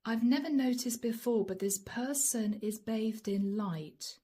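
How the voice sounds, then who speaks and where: A hoarse woman giving a channeled tarot reading, musing aloud and speaking straight to viewers by star-sign nickname. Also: fairly high pitch, a little slow, dark tone. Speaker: tarot reader.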